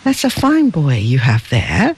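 A man's voice: fairly high pitch, huge pitch swings, a little slow, husky, exaggerated voice, rough recording. A man reading the part of a male customs officer in an audiobook story, in a firm, official, matter-of-fact tone.

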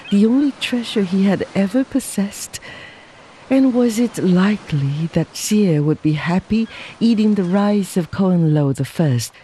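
A narrator reading a story aloud in a measured, even storytelling manner. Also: medium pitch, a little hiss or hum. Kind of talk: audiobook narration.

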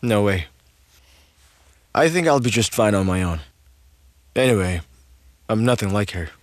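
A man's voice: lowish voice, animated, a little slow, dry recording. A man voicing an easygoing young male driver in a dubbed drama, laid-back and joking. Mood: defensive. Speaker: dub actor.

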